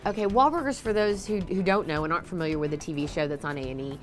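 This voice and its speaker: A woman who hosts a TV show and runs restaurants, telling her story to camera in a chatty, animated way on a lapel mic. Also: deep voice, fast talker, soft background music. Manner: chatty and animated, acts out dialogue with a raised voice. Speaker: TV host and restaurant owner. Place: on a filming set with a camera crew.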